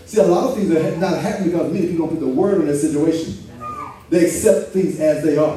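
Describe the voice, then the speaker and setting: Pastor, male, high but mellow tone, easygoing preaching, picked up from afar in a roomy church. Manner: conversational preaching, reads scripture slowly. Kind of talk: sermon. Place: church sanctuary. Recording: echoey room from far off, faint ambience.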